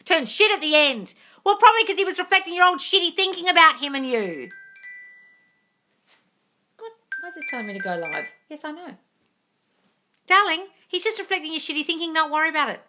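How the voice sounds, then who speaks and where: A woman's voice: extremely high pitch, expressive, a little fast, long pauses, pushed and bright, soft background music. A woman on a casual live stream, reading viewer comments and answering them in a blunt, exasperated manner with a lot of swearing. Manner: reads viewer comments aloud.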